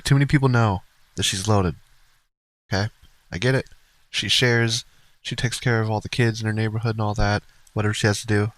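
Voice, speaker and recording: A man's voice: on the low side, no room sound, poor audio. A man streamer giving casual, blunt and profane commentary to his chat as he reacts to a livestream. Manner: blunt, profane, rambling asides.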